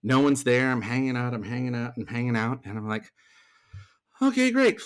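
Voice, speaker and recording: A middle-aged man, a theater performer and voice actor, telling his story as a podcast guest in lively casual talk with many restarts. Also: mid-range voice, fast, clear, resonant tone. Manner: animated, acts out quoted voices, frequent restarts.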